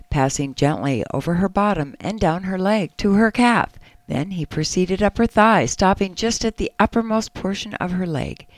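Lively wry woman with a dry sound. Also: mid-range voice, no room sound. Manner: wry, quick quips, tells jokes. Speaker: co-host. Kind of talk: casual radio chat telling jokes.

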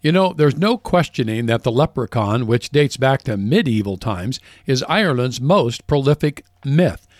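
A man's voice: mid-range voice, lively intonation, moderate pace, few pauses, no room sound, clean studio sound. A man hosting a farm radio show, chatting casually and reading short segments in a folksy way. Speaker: radio host.

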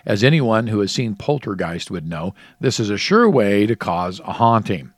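A man's voice: on the low side, very animated, moderate pace, no echo, clean studio sound. A man co-hosting a casual radio-style chat, reading out spooky stories and trivia facts and laughing often. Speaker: co-host.

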